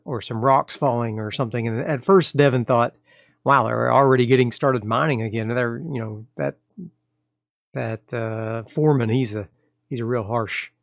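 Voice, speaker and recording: Relaxed man narrating a solo tabletop game. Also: mid-range voice, no room sound, studio quality. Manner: relaxed storytelling with fillers and restarts. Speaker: game master and host of solo tabletop play.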